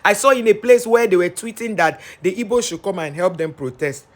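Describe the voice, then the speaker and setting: A man's voice: sits high, expressive, fairly quick. A man with a Nigerian accent giving casual, sarcastic news commentary on a vlog, breaking off to read news reports aloud. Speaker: commentary vlogger.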